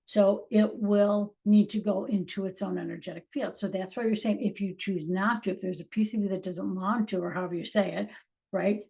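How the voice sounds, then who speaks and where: A woman's voice: mid-range voice, brisk, low-quality recording. A middle-aged woman giving a casual, earnest spiritual talk, telling her own experiences and acting out inner dialogue. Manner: earnest, animated storytelling with acted inner dialogue. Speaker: spiritual teacher.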